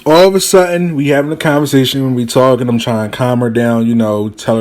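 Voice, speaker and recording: A man telling a story casually, animated and profane, acting out the people he quotes. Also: mid-range voice, brisk, hardly any pauses.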